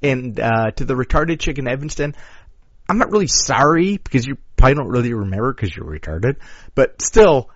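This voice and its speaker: A man's voice: medium pitch, sing-song, brisk, dry recording. A man co-hosting a podcast, telling a crude story in casual chat, full of swearing and acted-out quotes. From Chicago area. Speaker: podcast co-host. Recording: dull lo-fi audio.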